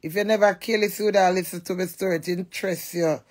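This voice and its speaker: A woman's voice: fairly low pitch, steady tone, fast talker. A woman with a Jamaican accent, ranting and cussing defiantly in a monologue to camera. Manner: loud, cussing, defiant rant. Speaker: vlogger.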